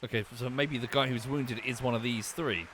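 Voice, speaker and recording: A man's voice: mid-range voice, fairly even intonation, a little fast, fairly bright tone, slight background noise. A man streaming a mystery game, casually thinking aloud, muttering and swearing now and then. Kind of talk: casual gameplay commentary.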